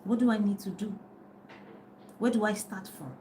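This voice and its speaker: A woman's voice: medium pitch, moderate pace, warm tone, a little hiss or hum, rough recording. A middle-aged woman coach talking casually and chattily on a live video, often losing her thread and laughing. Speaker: life and business coach. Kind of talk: casual live-stream talk. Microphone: phone on a live video.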